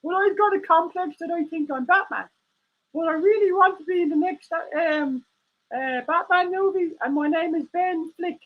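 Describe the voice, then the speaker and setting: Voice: very high-pitched, normal speed, phone-quality sound, pitched above the performer's own voice. A streamer voicing a cheeky, crude male meerkat puppet who swears at every turn. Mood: boastful. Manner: foul-mouthed, cheeky. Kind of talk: puppet voice on a livestream.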